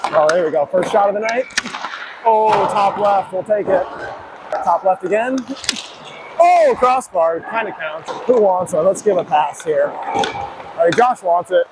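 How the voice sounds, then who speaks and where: A young hockey player from Ohio talks as he skates, winded and rambling, poking fun at himself. His voice sits on the high side for a man. A body mic picks him up over clear, constant rink noise. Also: measured pace. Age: young adult. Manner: rambling, self-mocking, chatty. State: out of breath. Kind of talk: casual mic'd-up practice commentary. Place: indoor ice rink. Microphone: wireless body mic worn while skating. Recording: noisy rink ambience.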